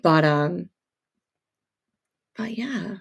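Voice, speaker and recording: A woman's voice: lowish voice, animated, extremely slow, creaky, breathy edge. A woman hosting a casual sewing livestream, chatting with viewers, greeting them by name, and drifting into rambling asides. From upstate New York, near Montreal. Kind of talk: casual live-stream chat.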